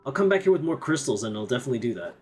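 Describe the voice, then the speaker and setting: Casting: a chatty Canadian streamer, a man with an animated, bouncy delivery, game music faint underneath. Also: mid-range voice, very fast. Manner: chatty, self-mocking, lots of fillers. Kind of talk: casual gameplay commentary.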